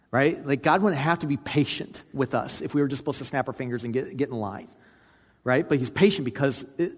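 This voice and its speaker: A man's voice: mid-range voice, husky, long reverb tail. A man preaching a sermon as pastor, earnest and repeating key words for emphasis.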